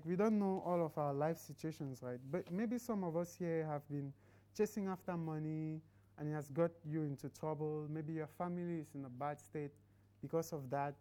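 A woman's voice: deep voice, dark tone, low-quality recording. A woman preaching a sermon in a conversational way. She asks the congregation questions and ends with a prayer.

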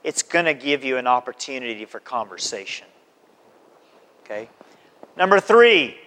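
A man's voice: mid-range voice, very animated, moderate pace, pauses often, pushed and bright. A man preaching a sermon, exhorting his listeners with repeated calls and acting out everyday conversations. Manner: exhorting, repetitive, acts out conversations. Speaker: pastor. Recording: long hall reverb.

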